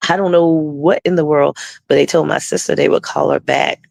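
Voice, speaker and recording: A woman's voice: deep voice, fairly even intonation, normal speed, gravelly, a little mellow, no echo. A woman guest telling her personal faith testimony, acting out the people in her story and often losing her words and restarting. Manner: loses her words and restarts mid-sentence.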